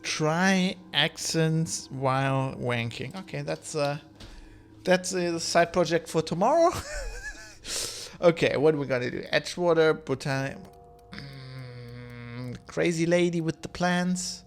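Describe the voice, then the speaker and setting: A man's voice: on the high side, a little slow, pauses often, faint music behind. A man streaming a video game, rambling, joking and reading game text aloud. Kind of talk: casual let's-play commentary.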